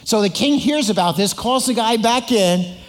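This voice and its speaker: A man with a fairly high voice delivers a sermon, retelling stories and acting out their characters while drawing the congregation in. His voice rings with a long hall reverb, as if from a church sanctuary. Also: expressive, moderate pace. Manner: storytelling with acted voices and audience prompts. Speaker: pastor.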